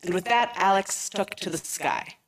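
A woman reading a children's story aloud in a slow, deliberate way. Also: lowish voice, expressive.

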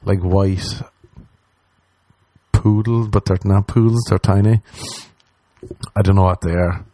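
A young man ranting casually and comically, swearing often and mocking other people with quick impressions. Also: sits low, steady tone, dark tone. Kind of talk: casual comedic rant.

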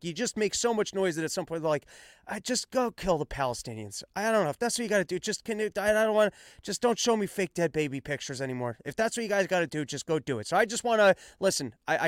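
A man's voice: on the high side, smooth, no echo, clean studio sound. Rambling self-mocking comedian man. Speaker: stand-up comedian and show host. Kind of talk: casual comedic monologue. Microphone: self-filmed on action camera.

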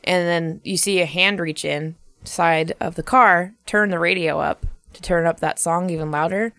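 A woman in casual conversation, pitching story ideas bluntly and decisively, with frequent swearing. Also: fairly even intonation, normal speed, fairly bright tone, dry recording. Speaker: co-writer brainstorming a story. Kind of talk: casual brainstorming chat.

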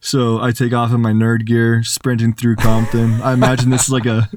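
A young man telling a story as a podcast guest, animated and full of "like" fillers. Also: medium pitch, moderate pace, a little hiss or hum. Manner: animated, filler-heavy retelling with lots of "like". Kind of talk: casual storytelling.

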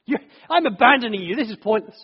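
A man voicing a defiant modern man who indignantly shouts accusations at God. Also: extremely high pitch, expressive, quick pace, breathy edge, highs cut off, full character voice.

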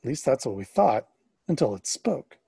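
A man narrating a story in the first person, expressive and sometimes rising to excited questions. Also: mid-range voice, normal speed, gravelly, slightly rough, no echo.

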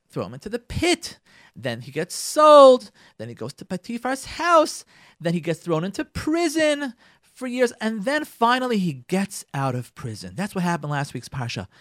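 Man, radio Torah speaker, high and lively, dramatic retelling to the audience, dry close mic. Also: no echo. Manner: dramatic storyteller, addresses "ladies and gentlemen", acts out dialogue; repeats and restarts phrases for emphasis. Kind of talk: animated Torah talk.

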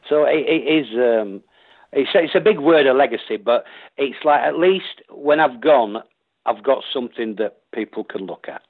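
Husky-voiced Yorkshire actor, chatty guest, rambly; dry, thin phone sound. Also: male voice, medium pitch, animated, moderate pace, dry recording. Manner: rambling, full of restarts and acted-out quotes. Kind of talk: casual interview chat. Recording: tinny dry phone line.

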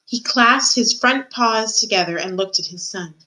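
A woman, a student reader, narrating a novel aloud in a steady, measured way. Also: medium pitch, poor audio.

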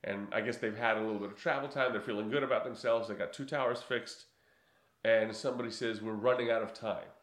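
A man's voice: lowish voice, fast talker. Man, casual film recap chat, laughing storyteller, roomy echo. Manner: animated, laughing, acts out lines in funny voices.

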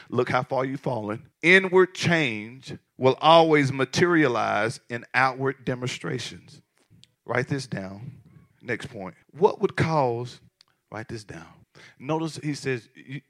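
A male pastor preaching a passionate sermon, swinging from shouted lines to hushed asides. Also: mid-range voice.

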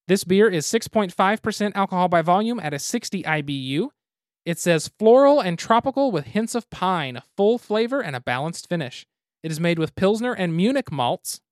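Podcast host, man, relaxed and methodical, mid pitch, dry close sound. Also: dry recording. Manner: easygoing, methodical reviewer. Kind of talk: casual podcast chat, beer and game review.

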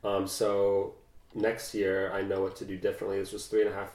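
A young man, a first-time winemaker, chatting casually and technically about his wine with fillers and pauses. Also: sits low, monotone, a little mellow. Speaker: winemaker guest. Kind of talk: casual chat. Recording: echoey room.

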